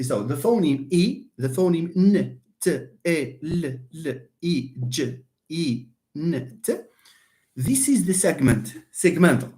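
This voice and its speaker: In a live online lecture, a lively-pitched male linguistics lecturer covers phonetics. He tends to repeat his points and pose questions he then answers himself, calling viewers friends and greeting them by name.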